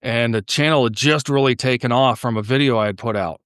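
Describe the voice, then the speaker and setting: A man's voice: a little fast, smooth, no room sound, clean studio sound. A man, a podcast guest, telling stories in casual conversation and acting out what people said in a raised voice. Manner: animated storyteller, acts out quotes in a higher voice. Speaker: podcast guest, car YouTuber.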